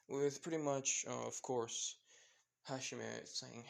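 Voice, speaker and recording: A man's voice: mid-range voice, fairly even intonation, a little slow, vocal fry. Young male storyteller, rambling fan story narration, stumbles on names, filler-heavy.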